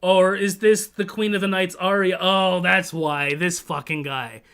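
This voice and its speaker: This livestream host from Toronto, Canada talks in a high, smooth, slightly bright voice at a measured pace with fairly even intonation. His casual chat wanders, is full of profanity, and keeps interrupting itself.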